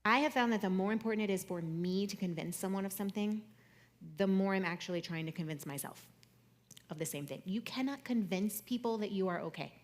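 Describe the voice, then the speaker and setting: A young adult woman speaking to an audience in a conversational, jokey way, swinging between loud and soft. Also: medium pitch, brisk. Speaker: speaker giving a talk.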